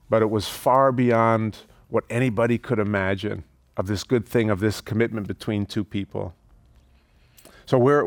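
Low-voiced man preaching in a dry room. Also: no echo. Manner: casual and warm-hearted, frequent restarts and fillers. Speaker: pastor. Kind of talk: conversational sermon with storytelling.

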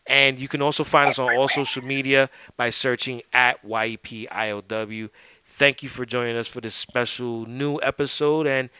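A man's voice: medium pitch, fairly even intonation, moderate pace, sharp tone, clear, resonant tone, no room sound, rough recording. A man hosting a wrestling podcast, talking loosely and swearing freely with lots of "like" and "dude", sipping a drink as he goes. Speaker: podcast host. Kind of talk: casual chat.

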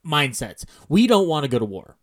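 A man's voice: on the high side, sing-song, normal speed. An American man co-hosting a casual film podcast, thinking aloud in long digressive sentences full of restarts. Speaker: podcast co-host.

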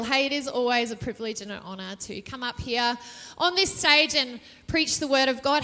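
A woman's voice: sits high, bright, forceful tone. A woman preacher giving a chatty, jokey sermon from a church stage, often asking the audience questions. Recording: reverberant church hall.

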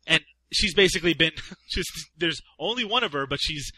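A man's voice: fairly high pitch, animated, fairly quick, sharp tone, husky, poor audio. A man co-hosting a casual film review chat, laughing often and swearing freely. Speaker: podcast co-host.

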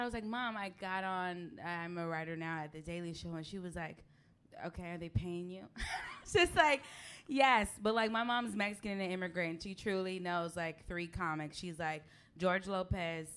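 Young woman guest, brash and profane, bright forceful tone, live talk show stage. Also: on the low side, normal speed, clear, resonant tone. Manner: loud, brash, profane, laughing. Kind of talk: casual comedic chat, profane.

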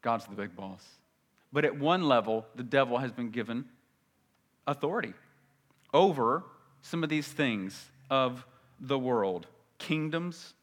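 A man preaching a sermon in a conversational way, moving from loud emphasis to quiet asides. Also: medium pitch, lively intonation, measured pace, pauses often, big-room sound. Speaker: pastor.

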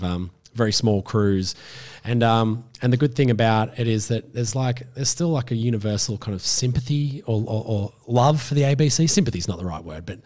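A man's voice: on the low side, darkish tone. A man with an Australian accent, a television presenter chatting as a guest, rambling with restarts and acting out voices. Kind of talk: casual interview chat.

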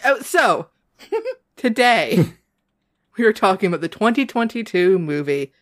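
A woman with a New England accent, chatting as a podcast co-host. Her tone is wry and easygoing, and her pitch sits in the middle of her range. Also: slow. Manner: relaxed, wry, introduces the episode. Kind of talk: casual podcast chat.

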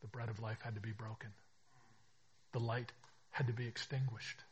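A man preaching a sermon as pastor, swinging between hushed reflection and emphatic, rising declarations. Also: mid-range voice, level tone, moderate pace, lo-fi sound, a little hiss or hum.

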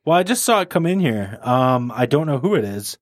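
A man's voice: mid-range voice, sing-song, a little fast, no echo, clean studio sound. A man hosting a podcast, casual and joking, often self-mocking and laughing. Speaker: podcast host. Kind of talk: casual chat.

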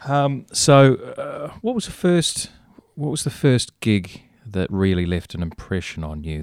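A man's voice: mid-range voice, measured pace, vocal fry, hardly any pauses, dry recording, studio quality. A man hosting an interview, asking questions casually with some hesitant fillers. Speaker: interview host.

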